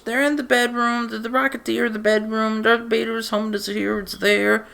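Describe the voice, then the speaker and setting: A man's voice: high voice, level tone, moderate pace, gravelly, hardly any pauses, pushed and bright. A man ranting about a movie in a casual, rambling way, stammering through restarts and sounding exasperated and sarcastic. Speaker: movie reviewer. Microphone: desk mic.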